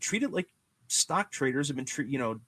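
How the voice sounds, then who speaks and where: A man hosting a podcast, talking in an animated, ranting way and leaning on "you know" and "guess what". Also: mid-range voice, normal speed, slightly rough. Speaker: podcast host. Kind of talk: casual chat.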